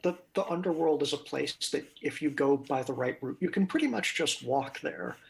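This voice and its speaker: Man, game master, tabletop narration, calm, plain explanations. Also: on the high side, normal speed, gravelly.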